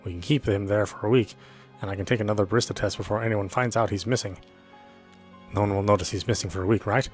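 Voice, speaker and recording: A man's voice: fairly low pitch, fairly even intonation, fast. A man reading a visual novel aloud in an earnest first-person narration. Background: faint background music.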